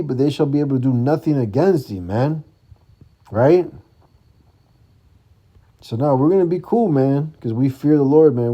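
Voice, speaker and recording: Dark-voiced, slangy Chicago scripture teacher. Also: male voice, mid-range voice. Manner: profane, slangy, peppers lines with "man" and "all right?"; reads scripture verses slowly and deliberately. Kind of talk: casual street-style scripture teaching.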